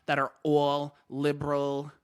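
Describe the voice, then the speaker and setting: A man's voice: fairly high pitch, completely flat delivery, measured pace, clean tone. A man hosting a casual podcast chat, talking emphatically and repeating his points for stress. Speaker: podcast host.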